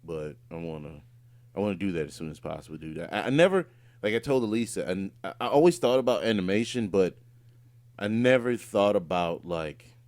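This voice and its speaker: Speaking fairly quickly in a low, darkish voice, a man who voices characters and co-hosts a podcast chats loosely. His story wanders, packed with filler words and false starts.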